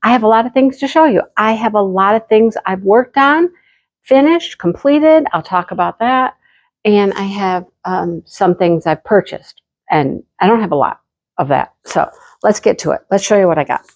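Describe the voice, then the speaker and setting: A woman's voice: medium pitch, normal speed. A woman chatting casually to her viewers as she unboxes and shows yarn deliveries for her craft channel. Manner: chatty, talks directly to viewers.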